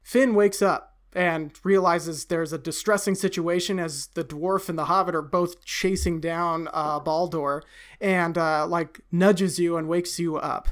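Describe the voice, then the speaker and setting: A man's voice: sits high, a bit bright. A man running a tabletop game, narrating casually with many fillers. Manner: casual, halting, with frequent fillers. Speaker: game master.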